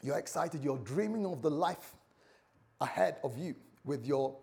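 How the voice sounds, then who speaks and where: In an unhurried, expressive voice that is darkish with vocal fry, a man preaches a conversational morning sermon. He tosses playful remarks to the congregation and performs the story's dialogue with varied pitch and loudness.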